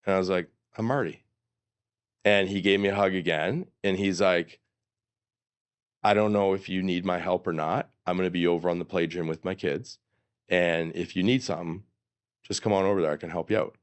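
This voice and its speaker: Middle-aged male guest, deep voice, animated and rambling storyteller. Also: fairly quick, clear, resonant tone. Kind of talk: storytelling in an interview.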